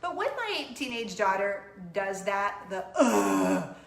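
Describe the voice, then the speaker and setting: A woman's voice: medium pitch, big pitch swings, unhurried, fairly bright tone. A middle-aged woman hosting a casual chat vlog, bubbly and giggly as she chats about parenting. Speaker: host, mother. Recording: roomy room with faint hum.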